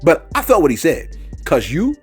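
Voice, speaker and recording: A man giving casual reaction commentary, animated and repetitive, often circling back with "look" and "you know what I'm saying". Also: on the high side, moderate pace, husky, soft background music.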